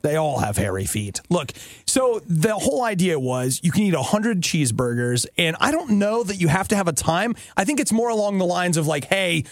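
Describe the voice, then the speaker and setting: A middle-aged man co-hosting a talk show, bantering playfully and telling stories with animated teasing. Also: high voice, moderate pace, no room sound. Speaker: co-host.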